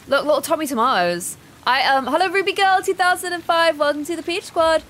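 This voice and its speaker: A woman's voice: very high-pitched, expressive, a little fast, few pauses, fairly bright tone, slight background noise. A woman streaming a game live, chatting casually, reading in-game notes aloud and greeting viewers in chat. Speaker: gaming streamer.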